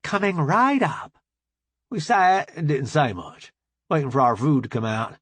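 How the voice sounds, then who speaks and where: Guy narrating an audiobook in first person, lively voice, dry booth. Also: medium pitch, normal speed, breathy edge, no room sound.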